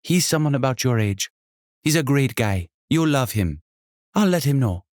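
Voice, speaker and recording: A bubbly woman in her sixties with a faint Jamaican lilt, as a male narrator puts her on in an audiobook. She talks fast and warmly about her town, her voice lifted well above a man's usual range. The reading is dry and close. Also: mid-range voice, dry recording, pitched above the performer's own voice, lightly acted. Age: 60s. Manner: lively and chatty, rapid-fire. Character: energetic woman in her sixties running an inn.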